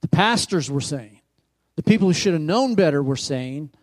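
A man's voice: fairly high pitch, lively intonation, normal speed. A male pastor preaching a sermon, calling out questions to his congregation as he retells scripture. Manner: preaching with rising emphasis and call-outs to the congregation.

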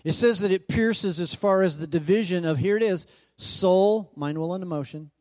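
Male pastor, emphatic sermon delivery, slightly high voice, dry close recording. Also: moderate pace, darkish tone, dry recording. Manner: emphatic, repeats phrases for rhythm. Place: church.

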